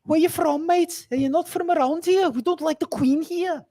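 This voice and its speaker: A man doing a deliberately bad Scouse impression of a hostile local man, in a high, mocking voice. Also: mellow. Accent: Scouse, exaggerated. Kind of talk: mock impression in casual chat.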